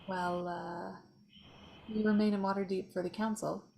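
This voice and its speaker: A woman's voice: mid-range voice, little pitch movement, normal speed, creaky, a little mellow, a little hiss or hum, rough recording. A woman taking part as a player in a tabletop role-playing game, speaking hesitantly with many fillers.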